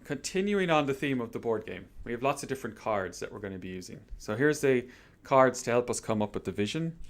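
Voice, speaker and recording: A man's voice: mid-range voice, expressive, quick pace. A man presenting on a live stream, walking through a planning method in an upbeat, chatty, lightly joking way. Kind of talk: live stream workshop explanation.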